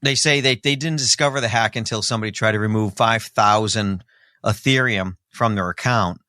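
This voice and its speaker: A man in a casual tech panel who gives blunt opinions and quick one-liners. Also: on the low side, bright, forceful tone, no room sound, studio quality.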